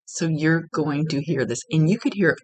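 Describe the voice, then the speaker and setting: Lady psychic doing a reading, husky raspy voice, kinda rambly, dry sound. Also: low-pitched, normal speed, no room sound, rough recording. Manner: rambling, self-correcting, laughs at own slips; half-whispering at times. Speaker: psychic medium. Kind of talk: spirit reading.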